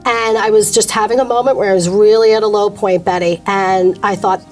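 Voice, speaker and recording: Middle aged woman guest telling her testimony, open and emotional, soft music in the back. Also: medium pitch, steady tone. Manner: candid, emotional storytelling with quick asides. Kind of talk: personal testimony interview.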